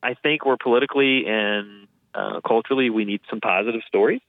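A man's voice: lowish voice, fairly quick, no room sound. A man, a guest on an interview show, casually telling stories about helping families downsize and acting out the people in them. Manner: lively storyteller, acts out quoted voices, says "man" and "dude". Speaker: guest, downsizing and hoarding cleanup expert. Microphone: phone line. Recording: tinny phone line, dry.

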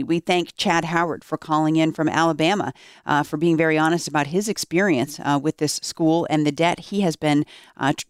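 A man's voice: a little high, clear, resonant tone, no room sound, clean studio sound. A man filling in as radio host, wrapping up the show and thanking guests with small fillers. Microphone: studio mic.

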